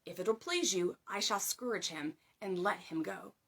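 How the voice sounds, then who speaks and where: A woman voicing a weary, stern male Roman governor in a read-aloud story, speaking slowly and firmly. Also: mid-range voice, a bit bright.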